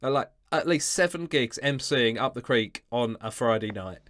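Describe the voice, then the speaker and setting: A man's voice: mid-range voice, expressive, moderate pace, a bit bright, no room sound, clean studio sound. A man co-hosting a comedy podcast, chiming in with short agreements and wry comments in casual chat. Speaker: podcast co-host, stand-up comedian.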